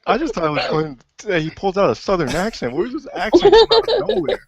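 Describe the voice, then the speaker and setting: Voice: medium pitch, wildly swooping pitch, fast, vocal fry, crowd noise. A podcast guest chatting casually and teasing the others with jokes. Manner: joking, teasing. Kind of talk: casual group chat.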